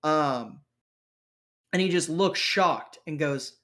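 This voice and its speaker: A man's voice: on the high side, slow, pauses often, a bit bright. A man narrating a tabletop role-playing game as game master, in a casual, vivid way. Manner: casual, vivid, with fillers and restarts.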